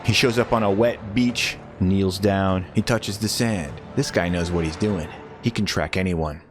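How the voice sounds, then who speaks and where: A man giving a deadpan, sarcastic comedic recap of a movie, voicing the characters' lines. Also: low voice, unhurried, over music.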